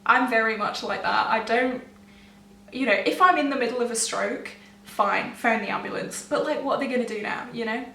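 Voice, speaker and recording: A woman's voice: fairly high pitch, normal speed, gravelly, pushed and bright. Young woman telling a story, echoey room. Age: young adult. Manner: rambling, self-interrupting, laughs nervously. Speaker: vlogger. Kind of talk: casual storytelling to camera. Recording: echoey room, distant mic, faint hum.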